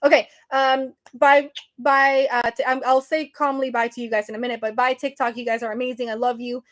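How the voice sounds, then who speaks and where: A woman's voice: sits high, little pitch movement, fairly quick. A woman hosting a casual livestream from her phone, chatty and flustered, laughing often. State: sweating and flustered. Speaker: livestream host.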